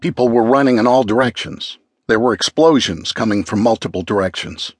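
A man narrating an audiobook with a measured, grave delivery. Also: fairly low pitch, no room sound, studio quality. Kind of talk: scripted narration.

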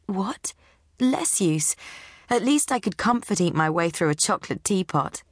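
A woman narrator voicing a cheeky, bossy woman in her thirties who is gravely ill and teases her friend in a soft voice. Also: medium pitch, lively intonation, measured pace, no room sound, studio quality. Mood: teasing. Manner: teasing, bossy, soft-spoken.

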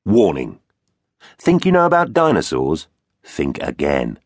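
Deep-voiced theatrical male storyteller. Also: wildly swooping pitch, a little slow, dry recording. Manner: theatrical, playful storytelling with big swings. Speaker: audiobook narrator. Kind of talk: children's audiobook narration. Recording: dry studio booth.

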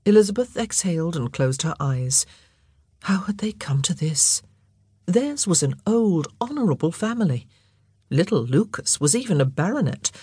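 Low, husky woman narrating. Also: dark tone, no echo, studio quality. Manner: measured, storytelling. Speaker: audiobook narrator. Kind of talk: scripted narration.

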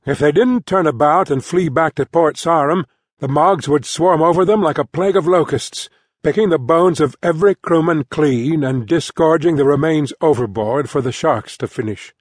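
A male audiobook narrator with a voice a little higher than most men's, reading in even, measured storytelling. He is recorded close in a dry studio booth. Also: husky, no room sound. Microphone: close studio mic.

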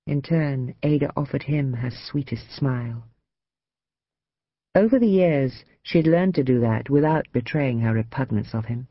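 A woman narrating a novel in a measured, dramatic storytelling manner. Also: rumbling low, expressive, dry recording, lo-fi sound. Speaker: audiobook narrator. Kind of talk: scripted narration.

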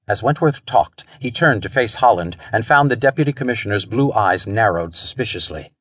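A man's voice: on the low side, animated, moderate pace, hardly any pauses, a bit bright, slightly rough, dry recording. A man narrating a pulp thriller audiobook in a dramatic storytelling style.

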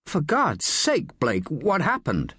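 A man reading an audiobook, voicing a male Secret Service agent who talks urgently and slowly on the phone. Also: fairly high pitch, wildly swooping pitch, bright, forceful tone, slightly rough, no room sound, clean studio sound, voice pushed up, full character voice.

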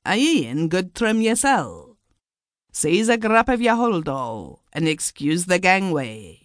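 A woman's voice: fairly low pitch, big pitch swings, slow pace, no echo, clean studio sound, voice pushed up. A woman voicing a gloomy, solemn Scottish first mate who speaks mournfully.

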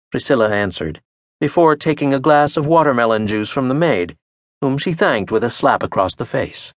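Guy narrating an audiobook, wry and measured, super dry studio mic. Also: mid-range voice, expressive, dry recording. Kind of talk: scripted first-person narration.

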